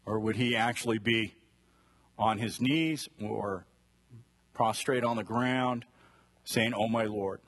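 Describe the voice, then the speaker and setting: A man's voice: lowish voice, takes it slowly, pauses often, a bit bright, breathy edge. A man teaching a conversational Bible study sermon and asking his listeners direct questions. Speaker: preacher.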